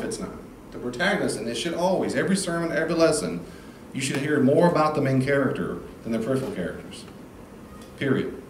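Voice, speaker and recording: A man teaching the Bible in an informal classroom lecture, lively and acting out quoted voices, recorded in a room with a live audience. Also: mid-range voice, slight background noise. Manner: animated, acts out quoted voices. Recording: echoey room, faint ambience.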